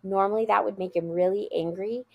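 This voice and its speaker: A woman's voice: medium pitch, fairly even intonation, fairly quick, dull audio. A woman working as a school guide, telling an earnest, heartfelt story in an interview and repeating phrases for emphasis.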